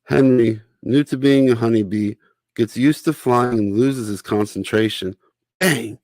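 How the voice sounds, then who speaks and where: A man reading his own children's picture book aloud as narrator, with a steady, clear delivery. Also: mid-range voice, measured pace, no room sound. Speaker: author and narrator.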